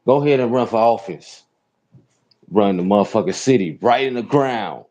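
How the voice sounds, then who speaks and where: Chicago guy ranting in his car, low-ish voice, cussing nonstop, says real talk a lot. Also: animated, normal speed, darkish tone. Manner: loose, profane, repeats "real talk". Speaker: rideshare driver and show host. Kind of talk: profane ranting commentary. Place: inside a car.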